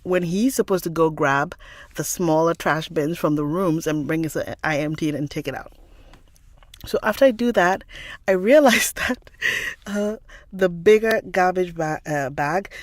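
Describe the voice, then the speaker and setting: A woman's voice: on the low side, no room sound. A woman hosting a book channel, telling a long rambling story in casual chat, laughing often.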